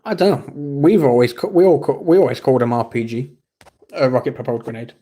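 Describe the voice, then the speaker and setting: Mellow-voiced English man chatting on stream. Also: medium pitch, lively intonation, fast. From England. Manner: reads chat aloud and answers viewers with blunt teasing. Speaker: livestream host. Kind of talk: casual livestream chat.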